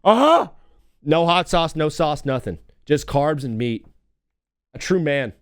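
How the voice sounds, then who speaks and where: A young man hosting a live talk show, ranting in an excitable, self-mocking way and jumping between topics. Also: on the high side, measured pace, clear, resonant tone, no room sound, clean studio sound. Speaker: radio show host.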